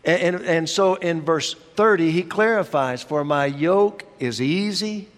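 Slow-preaching pastor in a reverberant hall. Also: male voice, on the high side. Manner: slow, deliberate preaching with emphatic pauses. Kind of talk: sermon.

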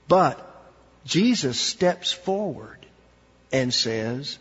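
A man preaching a sermon as pastor, swinging between hushed, low passages and emphatic, rising ones. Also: animated, takes it slowly, long pauses, husky. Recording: dull, echoey hall recording.

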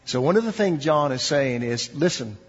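A man with a husky, slightly high voice preaches a dramatic sermon, dropping low and quiet before building to emphatic peaks. The recording is dull and carries a long, reverberant hall echo. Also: animated, normal speed. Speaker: pastor.

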